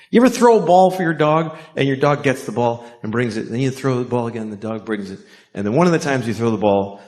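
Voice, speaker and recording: A middle-aged man doing a stand-up comedy set on stage, deadpan and profane, acting out bits. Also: mid-range voice. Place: stage before a live audience.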